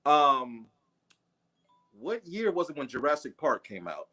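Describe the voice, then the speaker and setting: A middle-aged man telling a movie story on a casual livestream, animated and full of swearing. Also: medium pitch, a little slow. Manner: animated, profane, acts out voices. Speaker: guest storyteller.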